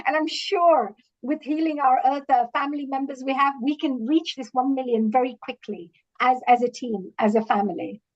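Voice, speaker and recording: High-voiced woman on a dull video call. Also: normal speed. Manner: eager, stumbling restarts. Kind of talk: casual video-call chat.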